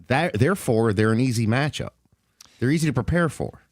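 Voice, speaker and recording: Lively, even-keeled sports radio analyst. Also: male voice, mid-range voice, brisk. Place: radio studio. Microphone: studio microphone.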